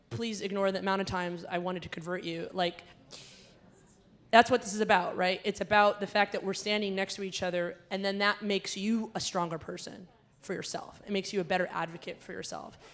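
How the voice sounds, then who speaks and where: A young woman from the American South is emceeing a gala and telling a stand-up story. She tells it with animated energy, and she gets loud and punchy when she acts out the quoted lines. She speaks into a handheld microphone in a large performing arts hall. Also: mid-range voice, brisk. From Southern United States.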